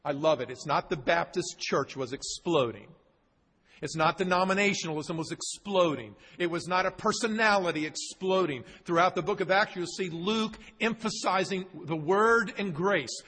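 Male preacher, high and slightly husky voice, asks the congregation questions, long reverb of a large church. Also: moderate pace, bright, forceful tone. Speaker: pastor. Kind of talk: expository sermon.

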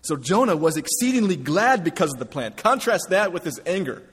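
A man preaching a sermon as a pastor, earnest, often dropping to a hush for emphasis. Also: a little high, very animated, a little fast, husky, in a large hall.

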